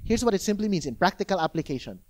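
A man preaching in church, his voice pitched high for a man. He talks to the congregation directly and conversationally, asking rhetorical questions and swinging between loud, urgent passages and hushed asides. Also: big pitch swings, racing. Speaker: pastor. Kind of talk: sermon.

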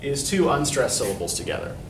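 A man's voice: medium pitch, very animated, quick pace, recorded from a distance, noisy background. A man teaching poetry in a classroom lecture, explaining terms and often checking in with "right?". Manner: explanatory, keeps asking "right?". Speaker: English instructor. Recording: echoey classroom recorded from afar.

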